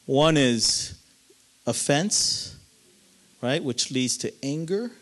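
Male pastor, storytelling sermon, lively delivery, bright forceful voice. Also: mid-range voice, drawn-out words. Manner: animated, swings from loud to hushed.

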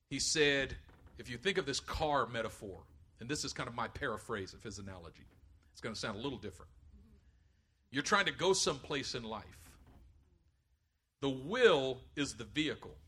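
Animated husky-voiced male preacher. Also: medium pitch, normal speed, long pauses. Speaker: pastor. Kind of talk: sermon.

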